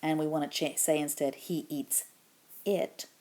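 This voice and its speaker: A woman teaching a grammar lesson, explaining patiently step by step and modeling example phrases slowly. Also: sits low, little pitch movement, a little mellow. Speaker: Spanish teacher.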